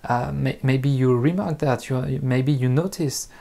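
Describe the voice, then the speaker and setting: A man with a French accent, a native French speaker, talking slowly and carefully to camera as an online French teacher, with many pauses and restarts. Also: medium pitch, creaky, mellow. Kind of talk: casual talk to camera.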